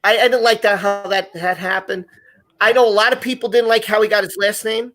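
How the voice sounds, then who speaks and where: A man's voice: sits high, little pitch movement, fast talker, sharp tone, faint music behind. Man, live show host, casual chat, repeats words, rambling. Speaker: podcast host.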